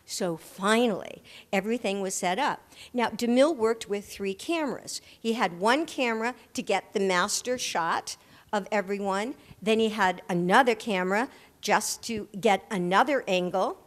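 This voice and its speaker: An older actress tells her stories animatedly, slipping into the voices of the people she quotes. Her pitch sits in the middle range for a woman. The sound carries a long reverb, as if recorded in a large event hall. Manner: animated anecdote-teller who acts out the people she quotes. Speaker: actress and interview guest. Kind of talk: storytelling on stage in a live interview.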